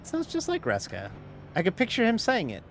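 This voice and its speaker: A man's voice: high-pitched, huge pitch swings, normal speed, slight background noise. A man casually commenting while streaming a sim race, rambling and joking and laughing often.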